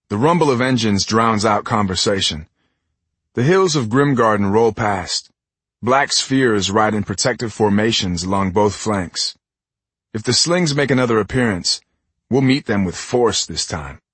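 A man narrating a first-person audiobook in an expressive way, giving each character a voice. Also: fairly low pitch, slightly rough, no echo.

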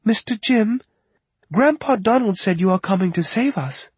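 A man's voice: high-pitched, lively intonation, moderate pace, slightly rough, no echo, voice pushed up. A man voicing a frightened little girl who pleads for help over the phone in an audiobook, with an anxious, polite manner. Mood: pleading. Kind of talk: audiobook character voice.

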